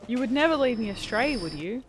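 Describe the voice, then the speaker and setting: A young woman streams a game and talks casually to her viewers in a fairly high voice. Her pitch swings widely, and she laughs often and greets new followers. A faint noise sits behind her voice. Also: very animated, a little fast. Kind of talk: casual gameplay commentary.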